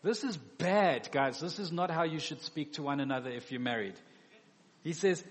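Male preacher, sermon, fairly high voice, theatrical, long hall echo. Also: normal speed. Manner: animated, acts out biblical dialogue.

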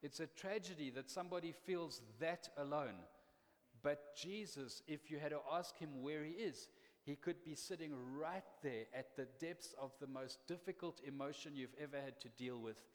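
A man's voice: a little high, moderate pace. Earnest male preacher in a reverberant hall. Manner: earnest, animated, conversational preaching. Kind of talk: sermon. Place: church.

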